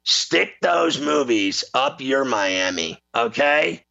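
Gravelly, bright-voiced male show host. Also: mid-range voice, slow. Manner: animated, laughing storyteller. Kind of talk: casual comedic rant. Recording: slightly muffled lo-fi sound.

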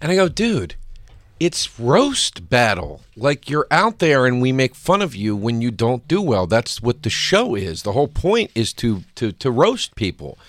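A man's voice: medium pitch, sing-song, a little slow, no echo. A middle-aged man, a guest comedian, telling a story on a casual podcast and acting out both sides of it.

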